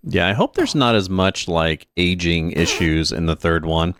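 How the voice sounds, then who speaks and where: A man's voice: deep voice, normal speed, music in the background. A man hosting a casual let's-play stream, chatting and rambling with lots of fillers and asides, a bit stuffy from allergies. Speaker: streamer and host.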